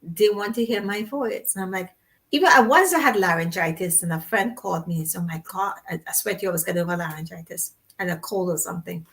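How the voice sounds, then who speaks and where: A chatty woman host with a Trinidadian accent, animated and full of stories. She laughs easily and keeps the conversation rolling. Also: on the low side, fast talker, gravelly. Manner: animated, chatty storyteller who laughs often. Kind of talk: casual chat.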